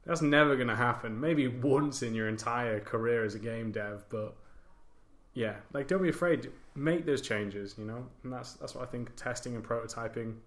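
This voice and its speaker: Man, podcast host, informal, chatty, mid-pitched voice. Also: fairly even intonation, moderate pace. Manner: chatty, informal, self-deprecating. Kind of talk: casual podcast discussion.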